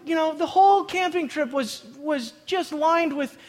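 A man with a notably high voice spins a comic tale for a crowd, words tumbling out between bursts of laughter and quick restarts. His voice rings out in a big hall with a long, lingering reverb. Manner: laughs often mid-sentence, excited, repeats words. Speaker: speaker telling a story to a live audience. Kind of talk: animated personal storytelling.

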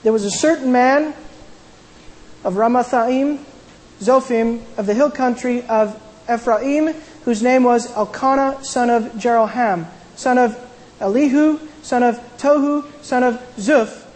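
A woman's voice: fairly high pitch, a little slow, a little mellow, big-room sound, poor audio. A woman casually retelling a Bible story as a sermon, with conversational asides and frequent restarts. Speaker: Bible teacher.

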